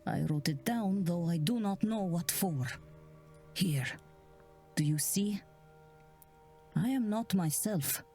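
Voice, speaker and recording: An actress playing a solemn woman obsessed by a cursed vase, speaking gravely and hushed in a game. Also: lowish voice, lively intonation, faint music behind. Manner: slow, grave, hushed delivery. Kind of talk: game character dialogue.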